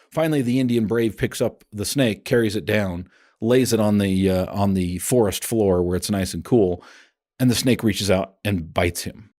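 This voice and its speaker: A man's voice: fairly low pitch, normal speed. A man hosting a coaching podcast, talking casually and chattily with lots of restarts. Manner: animated, chatty, many restarts. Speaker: podcast host and appraisal coach. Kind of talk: casual instructional podcast talk.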